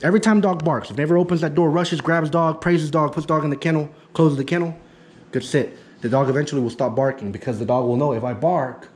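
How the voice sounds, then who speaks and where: A man's voice: a little high, fast talker. A man working as a dog trainer, giving an in-home consultation in an emphatic, repetitive teaching manner. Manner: emphatic, repetitive teaching, acts out excited praise.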